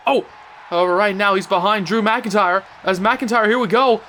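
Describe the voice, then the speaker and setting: High, bright-voiced excitable wrestling commentator man. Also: normal speed, a little hiss or hum. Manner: excitable, rising to shouts at big moves.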